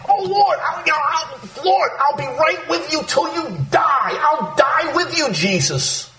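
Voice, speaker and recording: A man voicing an excited, eager young male disciple calling out in a high, rushed voice. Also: reverberant, over music.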